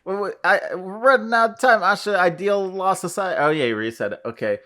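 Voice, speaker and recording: A man co-hosting a podcast in casual chat, an animated storyteller who acts out quotes in a raised voice. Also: high-pitched, fast. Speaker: podcast co-host.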